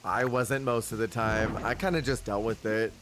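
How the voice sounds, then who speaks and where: A man's voice: fairly low pitch, fairly even intonation, moderate pace. A man streaming a cozy game, chatting casually, answering his chat and laughing often. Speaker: Twitch streamer. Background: game music.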